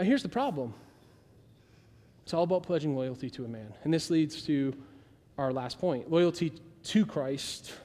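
A man preaches in a loose, chatty way, slipping into little voices for the people he quotes. His voice sits high for a man. The sound carries a long reverb tail from a large church hall. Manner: conversational, animated, acts out quoted voices. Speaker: pastor. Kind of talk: sermon.

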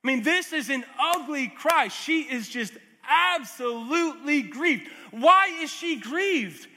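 A man's voice: very high-pitched, lively intonation, takes it slowly, bright, forceful tone. A man preaching a sermon as a pastor, earnest and conversational, with asides, jokes and restarts. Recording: long hall reverb.

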